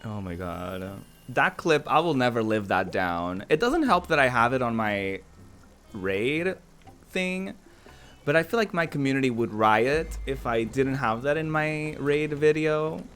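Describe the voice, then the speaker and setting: A man's voice: mid-range voice, lively intonation, measured pace, a bit bright, faint music behind. A man streaming a game, chatting casually with his viewers, giggling often and answering chat aloud. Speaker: Twitch streamer.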